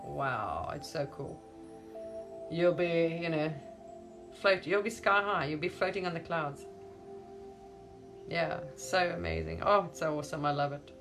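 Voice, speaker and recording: A woman's voice: sits low, unhurried, long pauses, music in the background. A woman speaking as a spiritual teacher in a rambling monologue. She gushes, keeps repeating words of wonder and laughs often. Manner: gushing, repeats wow and amazing, laughs often.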